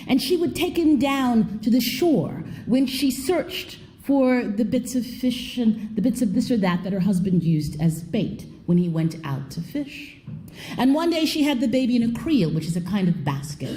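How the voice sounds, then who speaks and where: A woman telling a folk tale on stage, expressive, swooping in pitch and dropping to a hush. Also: unhurried. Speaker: storyteller. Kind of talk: live storytelling performance. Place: theater stage before an audience.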